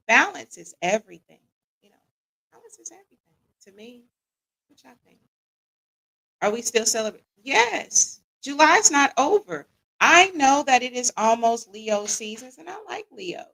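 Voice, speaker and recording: On a rough recording, a female host runs a live stream, laughing along as she reads viewer comments aloud and often asking "what y'all think." Her voice sits a little high and comes across bright, forceful and gravelly with fry, her manner easygoing and conversational as she keeps engaging her audience.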